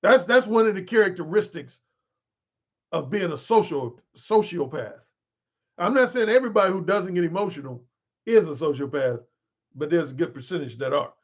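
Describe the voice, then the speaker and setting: A man's voice: high voice, moderate pace, muffled recording. A man who works as a dating coach and author, talking candidly to his followers on a livestream with lots of restarts. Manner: candid and animated, with frequent restarts. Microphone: desk microphone he adjusts mid-stream.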